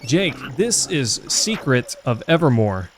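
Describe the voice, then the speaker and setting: Homem streamer sulista falante. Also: male voice, medium pitch, big pitch swings, slow, slight background noise. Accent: Southern US. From Southern United States. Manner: chatty, rambling, answers chat by name, many uh fillers. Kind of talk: casual live-stream chat while gaming.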